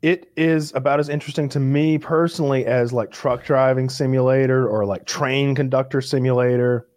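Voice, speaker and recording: A man's voice: medium pitch, fairly even intonation, moderate pace, darkish tone. Swearing man telling a story. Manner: storytelling, swears freely, filler-heavy. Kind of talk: casual chat.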